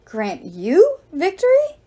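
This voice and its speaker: A woman reading aloud and voicing a proud, furious female goddess of victory who threatens loudly. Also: on the high side, big pitch swings, moderate pace. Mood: furious, haughty. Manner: haughty, threatening, loud.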